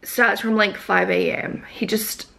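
A woman's voice: medium pitch, fairly even intonation, unhurried, vocal fry, pushed and bright. Chatty young New Zealand woman vlogging. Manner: chatty, rambling, lots of "like" fillers. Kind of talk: casual vlog chat to camera.

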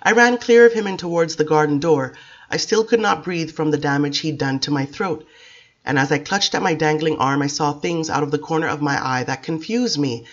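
A man reading a dark novel aloud in the first person, with dramatic, intense storytelling, on a dull lo-fi recording. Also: fairly high pitch, brisk. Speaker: audiobook reader.

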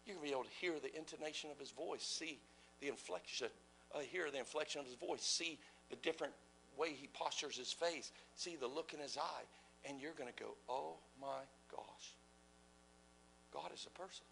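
A man preaching a passionate sermon, asking rhetorical questions and swinging between loud exclamations and hushed whispers. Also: a little high, a little fast, vocal fry, slight background noise, rough recording. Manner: asks the audience rhetorical questions.

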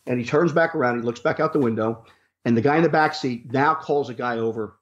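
A man with a mid-range voice talks a little fast as he tells casual stories about his rideshare driving during an interview. His delivery wanders, with many fillers and restarts, over dull lo-fi sound.

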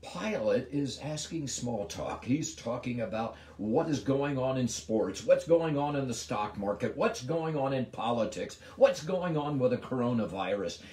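A middle-aged man giving a devotional Bible teaching as a pastor, moving between emphatic lines and hushed ones. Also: mid-range voice, reverberant. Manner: expressive, swings from emphatic to hushed.

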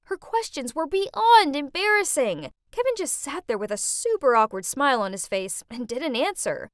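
A woman narrating a scripted first-person story in an animated, exclamatory way. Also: sits high, normal speed, few pauses, dry recording, studio quality.

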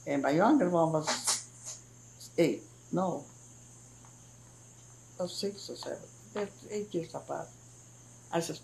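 An older woman from Hungary giving her testimony in a recorded oral history interview, speaking haltingly, with frequent restarts and soft murmured agreement. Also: sits low, vocal fry, slight background noise, rough recording. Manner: acts out family dialogue when retelling it. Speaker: Holocaust survivor giving testimony.

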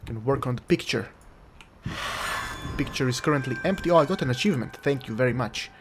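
A man with a mid-range, expressive voice talks briskly while playing a horror game, joking, rambling and talking back at it in casual let's-play commentary. His first language is Croatian. Game music plays behind him over slight background noise.

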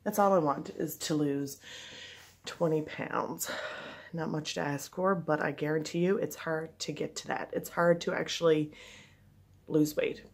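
A woman's voice: deep voice, steady tone, unhurried, slightly rough, no room sound. A woman, chatting casually to the camera in a vlog and laughing often. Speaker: vlogger.

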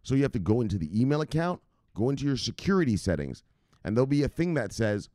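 A man hosting a crypto news stream, talking casually with slang and loud shout-outs, explaining things step by step. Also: medium pitch, sing-song, quick pace, no room sound, studio quality. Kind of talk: casual livestream talk.

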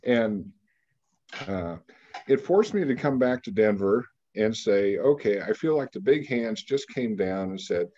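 Man, 60s, from Kansas, interview guest: low warm voice, measured storyteller, muffled lo-fi sound. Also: expressive. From Kansas, United States. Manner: measured, anecdotal storyteller who pauses on fillers.

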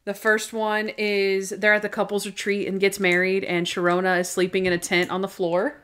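A woman co-hosting a podcast in casual chat, animated and laughing often as she retells favorite scenes. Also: mid-range voice, normal speed, smooth. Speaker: podcast co-host.

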